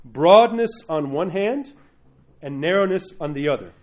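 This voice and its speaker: A man's voice: on the high side, lively intonation, measured pace. A male priest giving a conversational teaching talk, often asking "right?" and acting out people's inner voices in quotes.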